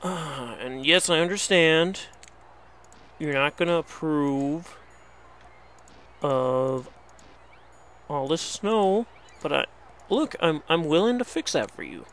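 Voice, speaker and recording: A man's voice: on the high side, expressive, slow, pauses often, fairly bright tone, slight background noise. A young man commentating on his game, exasperated and pleading, swearing at the animals as he plays. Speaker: let's play host. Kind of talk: casual gameplay commentary.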